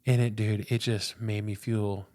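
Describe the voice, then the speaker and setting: A man's voice: lowish voice, level tone, unhurried, warm tone. A young man and pastor, a podcast guest, telling a personal faith story in an earnest, casual way, often repeating words and saying "dude".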